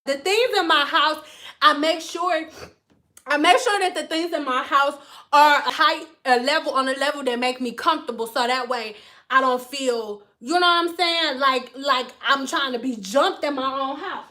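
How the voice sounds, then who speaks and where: A woman's voice: sits high, moderate pace, bright, forceful tone. A young woman from Detroit chatting casually on a livestream, rambling and laughing a lot as she talks. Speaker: vlogger.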